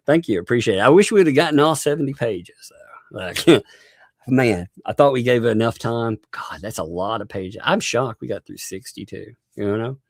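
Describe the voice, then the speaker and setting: A man's voice: fairly low pitch, gravelly, darkish tone, husky, no echo, studio quality. A man hosting a live stream, chatting casually, laughing often and thanking viewers by name.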